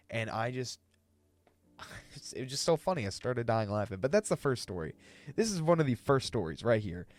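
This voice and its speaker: A young man telling a casual retail story time, ranting and swearing, his voice jumping up when he gets exasperated. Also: no echo. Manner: ranting, swings high when exasperated, profane.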